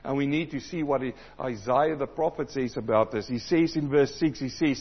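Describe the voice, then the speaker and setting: A man preaching a sermon, swinging between loud emphatic passages and low, quiet asides. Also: normal speed, hardly any pauses, husky, muffled recording.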